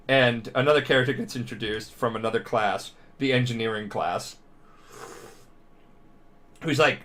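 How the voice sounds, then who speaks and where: A drunk young man rambling through a profane, animated retelling as a podcast co-host. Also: mid-range voice, moderate pace, pauses often.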